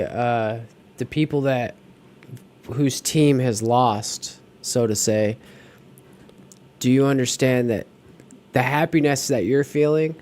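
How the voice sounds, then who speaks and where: A man's voice: mid-range voice, darkish tone. A man co-hosting a casual podcast chat, rambling with lots of fillers and restarts. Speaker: podcast co-host.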